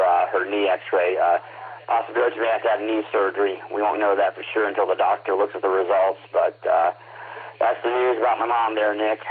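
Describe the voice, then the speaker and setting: A man's voice: on the low side, breathy edge. Rambling radio caller man. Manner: rambling, repeats himself. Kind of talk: ham radio check-in chat. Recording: tinny two-way radio with faint hiss.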